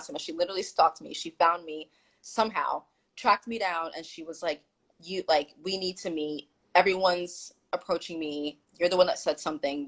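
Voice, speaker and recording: Speaking with a lowish, slightly breathy voice, a woman joins a live stream as a guest via phone or video call, and the recording quality is low. She relates a story with lively emphasis, quoting the people in it.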